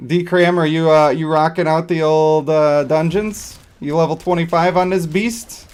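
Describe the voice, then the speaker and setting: A male game streamer chatting loosely over his gameplay. His voice sits a bit on the high side, and he rambles and jokes at his own expense. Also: fairly even intonation, normal speed, few pauses, a little mellow, smooth. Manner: rambling, joking, self-deprecating. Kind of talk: casual live-stream chat over gameplay.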